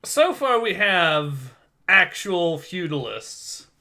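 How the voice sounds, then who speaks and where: A male livestream host talking casually between pages of a comic, reading out viewer comments with a jokey, rambling manner. His voice sits a little high and sounds bright and forward. He laughs easily and keeps the chat loose. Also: sing-song, slow pace. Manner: chatty, laughs often, reads chat aloud.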